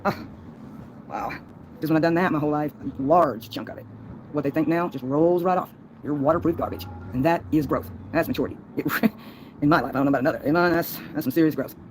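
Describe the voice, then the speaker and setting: A woman's voice: low-pitched, fast talker, a little mellow, slight background noise, low-quality recording. A woman livestreaming a long, folksy, rambling monologue, laughing between thoughts.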